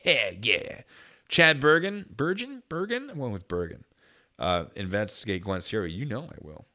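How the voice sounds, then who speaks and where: A man's voice: low voice, very animated, moderate pace, sharp tone. A man hosting a casual livestream, reading viewer comments aloud in a chatty, jokey way with frequent giggles. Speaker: channel host.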